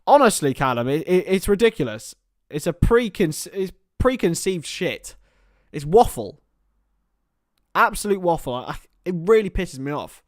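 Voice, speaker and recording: A man's voice: high voice, big pitch swings, a little slow, dry recording, clean studio sound. Chatty young man doing football commentary. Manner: chatty, swears casually, talks to viewers. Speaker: watchalong host and commentator. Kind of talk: live football watchalong commentary.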